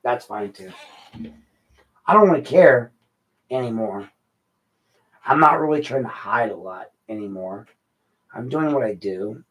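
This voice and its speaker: A man's voice: medium pitch, animated, unhurried, pauses often, fairly bright tone, poor audio. A middle-aged man, hosting an unscripted late-night podcast and talking bluntly in a frustrated rant. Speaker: podcast host.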